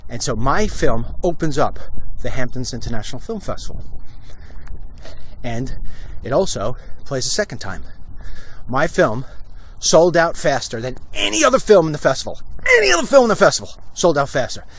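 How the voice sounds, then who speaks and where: A man's voice: mid-range voice, sing-song, moderate pace, fairly bright tone. A man from Long Island, hosting a walk-and-talk vlog and telling stories bluntly with acted-out quotes. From Long Island, New York. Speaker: host. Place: outdoors, walking.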